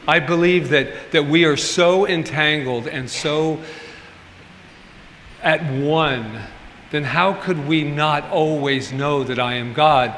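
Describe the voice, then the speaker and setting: A man's voice: on the high side, fairly bright tone. A male pastor giving an informal sermon in a chatty, candid way with humorous asides, recorded in a church sanctuary. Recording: reverberant hall, faint ambient noise.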